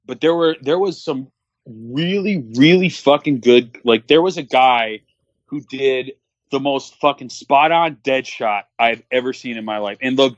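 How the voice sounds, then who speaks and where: A man's voice: medium pitch, dry recording. A man co-hosting a casual movie-watching commentary show, talking bluntly and profanely with a lot of fillers. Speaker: podcast co-host. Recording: dull, muffled recording.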